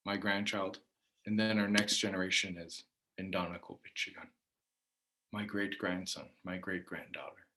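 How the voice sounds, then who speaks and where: Measured man explaining words, lowish voice. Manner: measured, explanatory, trailing off at phrase ends. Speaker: language teacher. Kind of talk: spoken lecture.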